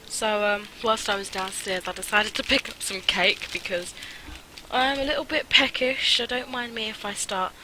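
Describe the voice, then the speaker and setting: A woman's voice: medium pitch, steady tone, normal speed, background noise. A young woman chatting casually as she plays a visual novel and reads its text aloud, rambling with lots of fillers. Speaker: gaming video host. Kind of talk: casual let's-play commentary, reading game text aloud.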